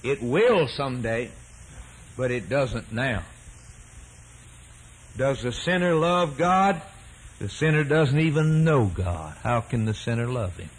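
A man preaching a sermon emphatically, repeating phrases and swelling his pitch and volume to stress key words. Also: animated, slow, long pauses, husky, poor audio.

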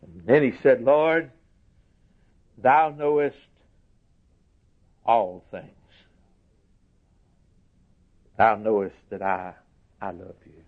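A man preaching a sermon slowly and emphatically, lifting his voice for quoted scripture. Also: mid-range voice, animated. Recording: tinny phone-like recording.

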